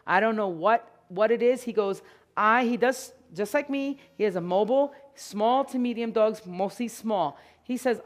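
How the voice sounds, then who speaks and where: A woman giving an animated, playful live product demonstration to an audience at a store grand opening event. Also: medium pitch, normal speed. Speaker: product educator.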